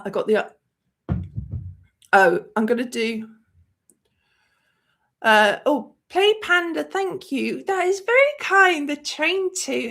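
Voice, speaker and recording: Brief: effusive female movie-channel host, casual stream chat, higher-pitched voice. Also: fairly bright tone. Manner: effusive, gushing, chatty; reads viewer comments aloud.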